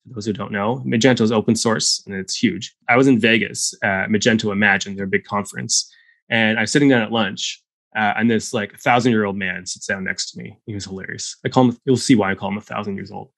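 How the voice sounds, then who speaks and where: Fast-talking man telling a story. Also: on the low side, gravelly, dry recording. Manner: fast, animated storyteller with many restarts. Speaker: guest, software founder. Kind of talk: casual interview chat.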